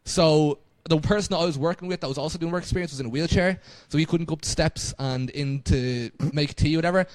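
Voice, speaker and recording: A man's voice: fairly high pitch, quick pace, hardly any pauses, darkish tone, dry recording. A man, co-hosting a podcast and telling rambling, self-mocking stories. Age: 20s. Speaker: podcast co-host. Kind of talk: casual chat.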